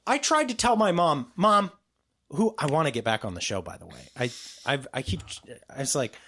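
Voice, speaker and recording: A male podcast co-host in casual conversation about a film. His pitch swings widely as he rambles, and he often breaks into quick impressions of other people. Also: animated, creaky, a bit bright, slightly rough. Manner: rambling, with frequent restarts and mimicked quotes. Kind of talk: casual chat.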